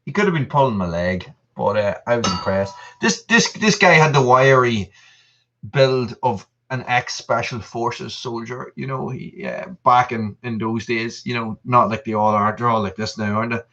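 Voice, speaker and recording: A man in his thirties hosting a live stream, talking in loose, rambling chat and answering viewers as he goes. His voice is bright and forceful. The sound is dull and lo-fi. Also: mid-range voice, normal speed. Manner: rambling and chatty, reading out viewer messages. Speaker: channel host.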